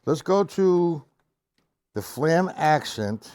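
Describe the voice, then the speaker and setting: Extremely slow and lively in intonation, this middle-aged man's fairly high voice guides viewers through drum rudiments on a live stream. He counts beats over his own drumming and adds casual, chatty asides, with the loud drum kit playing alongside.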